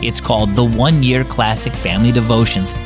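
A man hosts a children's devotional program, narrating a scripted story in a friendly, earnest manner. His voice is medium-pitched with fairly even intonation and a fairly quick pace, recorded as a dry studio voice with faint music behind it.

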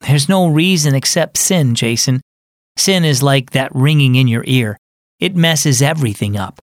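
A man voicing a big, gentle uncle in a children's audio story, speaking earnestly and consolingly to his grieving nephew. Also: mid-range voice, a little slow, no room sound, clean studio sound, lightly acted. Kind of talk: scripted children's radio drama.

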